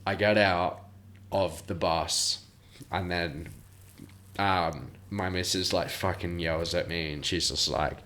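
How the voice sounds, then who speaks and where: A man's voice: low voice, steady tone, measured pace, fairly bright tone. A young man, a podcast guest rambling through a profane, laughing party story in casual chat. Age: young adult.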